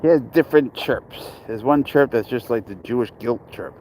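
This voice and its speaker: A young man in a loose, rambling livestream chat, swearing freely and joking at his own expense. His voice sits at an ordinary middle pitch, picked up by a phone outdoors with faint traffic and street noise behind him. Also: moderate pace, darkish tone, low-quality recording. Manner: rambling, crude, self-deprecating, talks to his cat. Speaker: cat owner livestreaming. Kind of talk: casual livestream chat, reading viewer comments.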